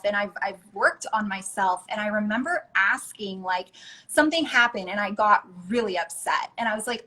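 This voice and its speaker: A woman, a life coach, talking as a guest in a casual interview, earnest and enthusiastic and quick to laugh. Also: medium pitch, bright, forceful tone, poor audio.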